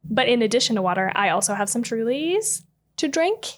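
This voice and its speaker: A woman's voice: on the high side, very animated, fairly quick. A woman co-hosting a casual horror-movie podcast, giggly and rambling, with many fillers. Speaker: podcast co-host. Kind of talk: casual chat.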